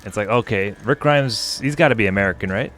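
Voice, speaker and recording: Chatty low-voiced man streaming a game. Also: fairly quick, a bit bright, a little hiss or hum. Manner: rambling and chatty, talking to a co-player. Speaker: gaming streamer. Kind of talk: casual gameplay commentary.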